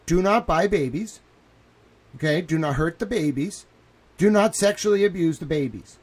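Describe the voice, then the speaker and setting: A man streaming a casual rant, swinging between low mutters and near-shouting, often breaking into laughter. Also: expressive, moderate pace.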